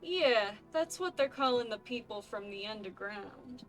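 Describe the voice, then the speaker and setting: A woman's voice: a little high, animated, a little slow, soft background music. A woman voicing a friendly, folksy male neighbor with a put-on, vaguely Boston-like accent, talking in a chummy, neighborly way. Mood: reassuring. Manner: chummy, neighborly, a bit loud. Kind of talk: game voice acting.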